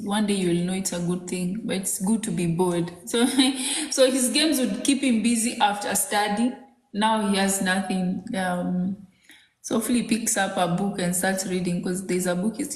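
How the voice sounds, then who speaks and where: A woman's voice: medium pitch, moderate pace, echoey room. A woman in her thirties from Kenya, co-hosting a casual parenting chat, rambling with many fillers. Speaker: podcast co-host.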